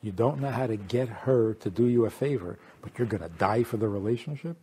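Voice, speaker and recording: A rabbi teaching a lively lecture, teasing his listeners with rhetorical questions. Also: on the high side, normal speed, husky.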